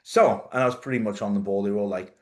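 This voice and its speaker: A man's voice: lowish voice, fast talker. A man hosting a casual live-stream chat. He jokes, laughs often and swears freely. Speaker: host.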